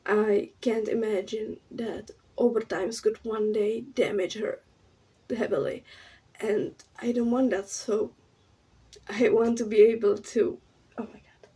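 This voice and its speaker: Young female vlogger, soft breathy tone, earnest and halting, slightly off-mic. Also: medium pitch, steady tone, distant mic, rough recording. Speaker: YouTuber. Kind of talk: personal to-camera vlog.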